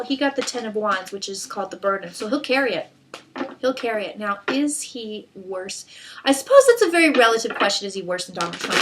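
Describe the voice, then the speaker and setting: A psychic tarot reader, this woman has a fairly high, bright, pushed voice. She reads cards in a casual monologue, blunt and irreverent, full of fillers and restarts.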